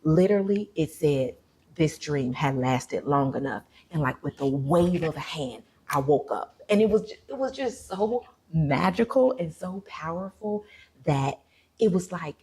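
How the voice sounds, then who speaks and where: A woman vlogger telling a story to her viewers in a chatty, animated way, full of fillers. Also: on the low side, moderate pace, breathy edge.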